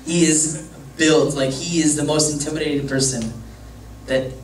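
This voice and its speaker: A man's voice: fairly high pitch, steady tone, moderate pace. A young man, a youth pastor, telling a story to a youth group in a casual, joking, rambling way. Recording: echoey room from far off, faint hum.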